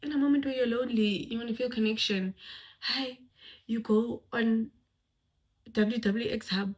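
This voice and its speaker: A woman talking casually to camera about life lessons, animated and expressive, swinging from loud exclamations to hushed asides. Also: a little high, normal speed. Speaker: vlogger giving life advice.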